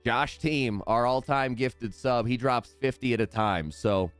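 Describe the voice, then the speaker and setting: A man's voice: medium pitch, a little slow, no room sound, soft background music. A man hosting a live stream, calling out names in a hype sports-announcer manner.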